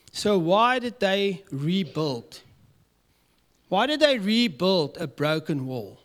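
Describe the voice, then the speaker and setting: A man with a South African accent preaching a lively sermon in church, laughing often and acting out the voices of people in the story. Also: extremely high pitch. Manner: lively, laughing, mixes in Afrikaans words, acts out dialogue. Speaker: pastor.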